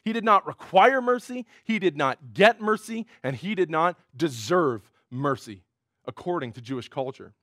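A male pastor preaching a sermon in an earnest way, rising in pitch and force when he quotes cries. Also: lively intonation, moderate pace, bright, forceful tone, dry recording, clean studio sound.

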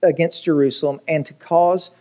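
A man's voice: fairly high pitch, fairly even intonation, normal speed, warm tone. A man preaching a sermon as pastor, telling jokes and stories and asking the congregation rhetorical questions.

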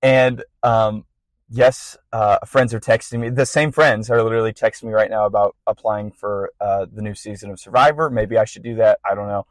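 A young man hosting a podcast, telling a personal faith testimony in a casual, rambling way with bursts of excitement. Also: fairly low pitch, moderate pace, no room sound, low-quality recording. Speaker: podcast host.

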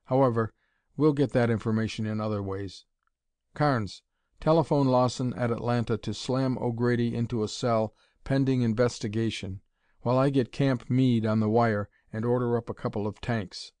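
A man's voice: medium pitch, fairly even intonation, normal speed, darkish tone, no room sound, close to an everyday voice. A man reading an audiobook, voicing an eager, commanding male scientist-detective in a raised, urgent voice. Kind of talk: audiobook character voice.

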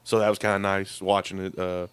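A man's voice: low voice, flat delivery, fairly quick, clean tone, no echo. A man in casual podcast chat, retelling anime scenes with profanity.

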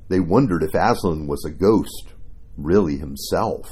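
A male preacher giving a devotional sermon with earnest, expressive storytelling. His voice is low, mellow and a little husky. He speaks slowly, with wide, lively rises and falls in pitch.

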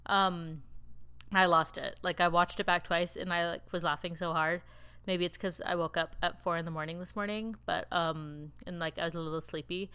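A woman recapping a TV show in casual chat, rambling and animated with lots of filler words. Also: lowish voice, moderate pace, clean tone. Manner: animated, laughing storyteller. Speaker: TV recap podcaster.

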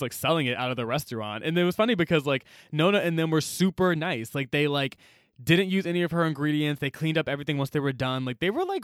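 On a laid-back book podcast, a male co-host animatedly recounts scenes, voicing the characters and leaning heavily on "like." His pitch is fairly high, and the studio-quality recording has no echo.

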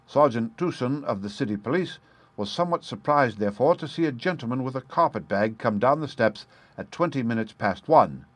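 A man narrating a classic detective story in a measured, even reading. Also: medium pitch, no room sound. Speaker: audiobook narrator.

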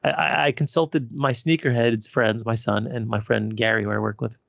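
A man's voice: medium pitch, fairly even intonation, moderate pace, gravelly, a bit bright, no room sound, muffled recording. A middle-aged man co-hosting a casual fan podcast, rambling with fillers and restarts. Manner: rambling with fillers and repeated starts. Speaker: podcast co-host.

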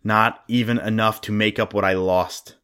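A man co-hosting a casual podcast, ranting as he tells a story with animated frustration. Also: on the low side, normal speed, smooth. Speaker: podcast co-host. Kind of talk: casual chat.

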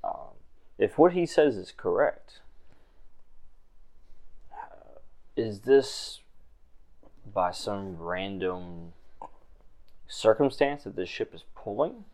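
A man voicing a studious male investigator who explains strange anomalies in a measured way. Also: fairly low pitch, very animated, darkish tone, full character voice. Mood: questioning.

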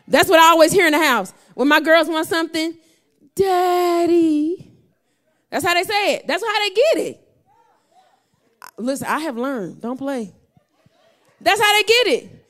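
A woman preaching a sermon, talking with her congregation and building to shouts. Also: very high-pitched, sing-song, moderate pace, long pauses.

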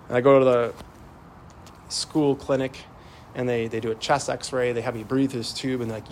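A man's voice: medium pitch, flat delivery, fairly quick, slight background noise. A man in his thirties, a priest giving a casual, story-driven homily with lots of fillers and restarts. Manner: conversational, many fillers and repeated starts.

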